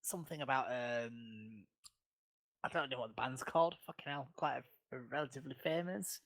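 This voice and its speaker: Bright-voiced guy swearing a lot on a chill podcast. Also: medium pitch, fairly quick. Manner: blunt, swears freely. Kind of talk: casual chat.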